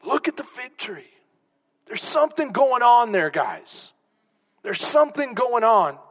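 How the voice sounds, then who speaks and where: A pastor preaching in a rather high voice, telling personal stories with open emotion and now and then dropping to a whisper. His sermon carries a long reverb, as if recorded in a big church hall. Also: sing-song, unhurried. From Texas. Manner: storytelling, emotional, whispers for emphasis.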